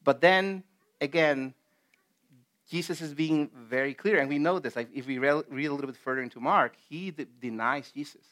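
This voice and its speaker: A man's voice: a little high, moderate pace, fairly bright tone. A man who is not a native English speaker, leading a casual Bible study in an earnest, emphatic way with many fillers and restarts. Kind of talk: casual group Bible teaching.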